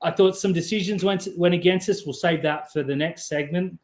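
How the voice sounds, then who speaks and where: A man's voice: sits high, a little fast, darkish tone, echoey room. A man co-hosting a sports podcast over a remote call, upbeat and joking. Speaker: podcast co-host. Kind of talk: casual sports chat.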